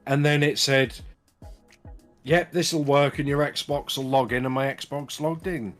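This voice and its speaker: A man's voice: medium pitch, fairly even intonation, measured pace, fairly bright tone, faint music behind. Exasperated man chatting while gaming. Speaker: gaming friend. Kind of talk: casual gaming chat.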